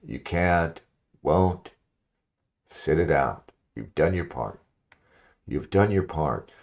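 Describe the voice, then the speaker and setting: A man's voice: very deep voice, very animated, slow pace, gravelly. A man hosting a solo livestream, talking in a rambling, opinionated way with lots of "you know" fillers. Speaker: livestream host. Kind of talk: casual solo livestream monologue, reading aloud at times. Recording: slightly dull lo-fi stream audio.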